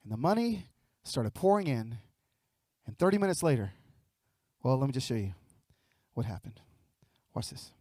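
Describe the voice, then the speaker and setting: A man giving a motivational keynote speech, telling a story in an animated way and acting out dialogue, with quick repeated words. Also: medium pitch. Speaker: keynote speaker. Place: luncheon event hall.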